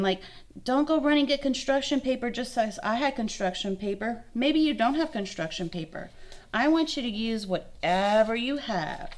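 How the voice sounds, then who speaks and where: Woman, young adult, art instructor, friendly, encouraging, thinks aloud while demonstrating. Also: fairly high pitch. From Louisiana. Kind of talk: kids' art lesson demonstration.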